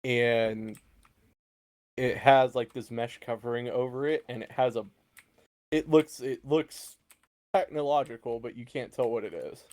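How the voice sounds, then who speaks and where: A man's voice: medium pitch, fairly even intonation, measured pace, a little mellow. A man narrating a tabletop role-playing game as game master, casual and rambling, with frequent fillers and restarts.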